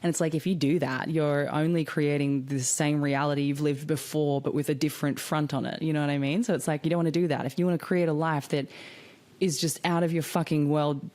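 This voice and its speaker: A young woman with a low-pitched voice talks through a casual podcast monologue. She is candid and chatty, leans on fillers like "like" and "you know", and swears freely. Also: fairly even intonation, a little fast, darkish tone. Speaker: podcast host.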